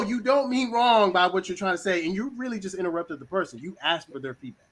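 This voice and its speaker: A man hosting a casual talk on communication styles, slangy and animated, acting out little quoted voices. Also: high voice, fairly quick, low-quality recording. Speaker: host.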